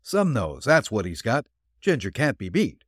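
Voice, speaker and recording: A man's voice: medium pitch, very animated, moderate pace, fairly bright tone, no room sound, clean studio sound. A man voicing a shifty, glib rural hunter with a folksy backwoods drawl, read for a storybook. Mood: evasive, eager. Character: shifty rustic hunter, middle-aged man.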